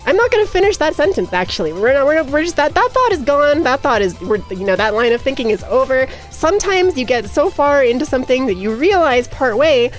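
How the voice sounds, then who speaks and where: A woman's voice: sits high, very animated, a little fast, hardly any pauses. Giggly, rambling young woman streamer. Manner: giggly, rambling, talks to her cat in baby talk. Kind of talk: casual live-stream chat. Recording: faint music underneath.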